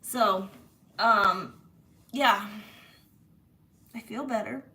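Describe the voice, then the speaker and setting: A woman rambles to her viewers from her own room at an unhurried, drawn-out pace. She is blunt and swears freely, and she sounds sore after a massage. Her voice sits at an ordinary middle pitch. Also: bright, forceful tone. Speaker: channel host. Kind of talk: casual chat to viewers.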